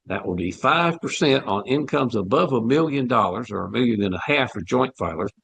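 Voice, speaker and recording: Gravelly, husky man, dry sound. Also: medium pitch, lively intonation, brisk, fairly bright tone. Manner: sarcastic, folksy, many fillers. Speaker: podcast co-host. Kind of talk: conversational policy commentary.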